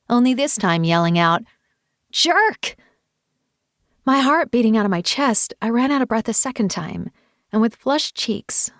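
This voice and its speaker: Gravelly, intimate woman narrating an audiobook. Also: medium pitch, no room sound, studio quality. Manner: intimate, often soft and near-whispered reading. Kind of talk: first-person audiobook narration.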